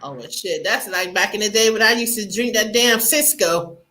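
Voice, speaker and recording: A woman's voice: mid-range voice, moderate pace, sharp tone. A woman hosting an interview, chatting casually and reacting to stories with exclamations and laughter. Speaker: interview host. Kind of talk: casual chat.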